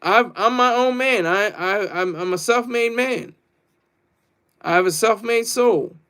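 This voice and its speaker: A man's voice: sits high, measured pace, fairly bright tone, clear, resonant tone. A man hosting a casual livestream, reading chat comments and rambling boastfully, laughing often. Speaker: livestream host.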